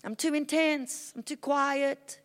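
A woman delivers a sermon in a high, bright-toned voice. She preaches with fervent intensity, pushing hard on big declarations and pulling back to a hushed, confessional tone. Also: fairly even intonation, slow. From South Africa. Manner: intense, fervent preaching that swings between loud and quiet.

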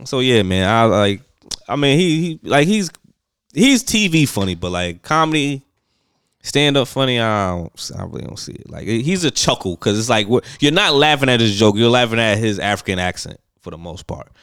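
Laid-back profane man, smooth dry voice. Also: medium pitch, very animated, normal speed, a bit bright, no echo. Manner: laid-back, profane, rambling with many fillers. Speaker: podcast co-host. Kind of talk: casual chat.

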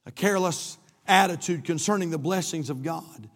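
In a live-streamed church service, a man with a fairly high voice delivers an emphatic, repetitive sermon at normal speed, pausing little. His preaching rises and falls, and the room leaves a long reverb tail.

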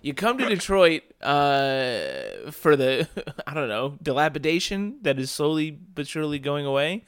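A man's voice: on the high side, big pitch swings, unhurried, few pauses, fairly bright tone, clean tone. A man co-hosting a podcast, joking in casual chat and laughing often. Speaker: podcast co-host.

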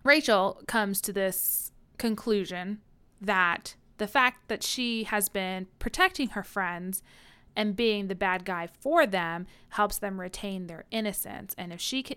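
Smooth-voiced young woman chatting casually. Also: mid-range voice. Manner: animated, laughing, swears freely. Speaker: podcast co-host. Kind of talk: casual book discussion chat.

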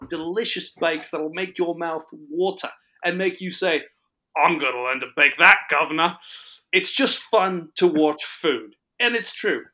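A man's voice: on the high side, sharp tone. A man doing an attempted British accent, reading a playful mock-formal review he wrote. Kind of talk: read-aloud comic review.

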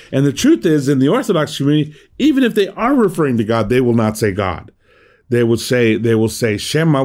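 A man's voice: mid-range voice, a little mellow. A man preaching a sermon, in a conversational teaching way, stressing and repeating key points and asking the room "right?". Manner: emphatic, repeats key phrases. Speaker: pastor.

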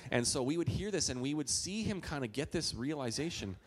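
A man's voice: fairly high pitch, animated, brisk, husky. A man in his thirties from Minnesota, a pastor preaching a sermon in a chatty, storytelling way with playful asides.

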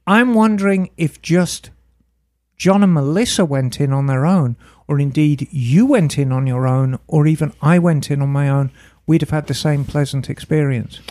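A woman's voice: sits low, normal speed, dark tone, no room sound, studio quality. A woman who runs a motorcycle shop, co-hosting a podcast in frank, chatty talk and laughing easily. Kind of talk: casual podcast chat.

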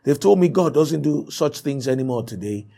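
Husky-voiced man preaching a sermon. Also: medium pitch, lively intonation, mellow. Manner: emphatic, repeats key phrases, reads scripture slowly. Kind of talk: sermon storytelling.

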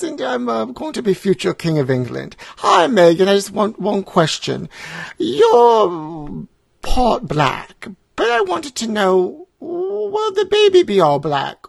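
A woman's voice: medium pitch, wildly swooping pitch, takes it slowly, creaky, no room sound, pitched above the performer's own voice, heavily acted. A woman playing a bumbling elderly royal heir in a comedy sketch, fumbling through awkward questions.

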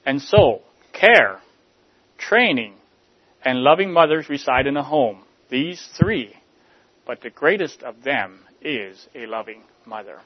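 A man delivering a sermon in a measured, rhetorical way, letting line endings fall soft. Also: medium pitch, expressive, slightly rough, lo-fi sound. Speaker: preacher.

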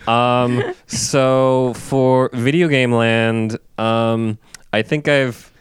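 A man's voice: medium pitch, fairly even intonation, drawn-out words, smooth. A man co-hosting a podcast, rambling through casual stories with frequent restarts. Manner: rambling, stumbles over words. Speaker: podcast co-host. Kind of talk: casual chat.

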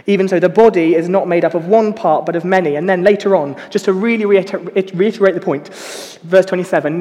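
High-voiced young man preaching. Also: quick pace, hardly any pauses, mellow, big-room sound. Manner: self-mocking, chatty storytelling. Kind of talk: casual sermon with personal stories.

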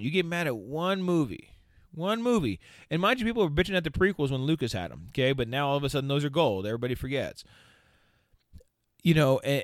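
A man hosts a casual podcast and rants in a heated, profane way. His voice sits at an ordinary middle pitch. The sound is dry and close, with no room around it. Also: no echo. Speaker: podcast host.

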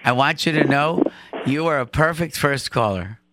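A man's voice: fairly high pitch, animated, normal speed, very noisy. A man hosting a call-in radio show, chatty and encouraging, often repeating his phrases.

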